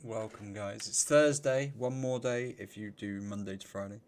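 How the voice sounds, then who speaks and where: A man's voice: lowish voice, normal speed, darkish tone, slight background noise. Chatty man greeting stream viewers. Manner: chatty, greets viewers by name, laughs often. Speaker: livestream host. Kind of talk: casual live-stream chat.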